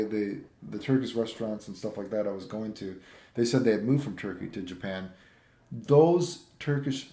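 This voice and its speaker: A man telling travel stories in a casual, rambling vlog, swearing and getting animated as he retells run-ins. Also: mid-range voice, reverberant. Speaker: vlogger.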